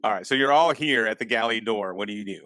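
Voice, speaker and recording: A man narrating as game master of a tabletop game, in a relaxed, loose way with fillers. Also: lowish voice, fast talker, no echo.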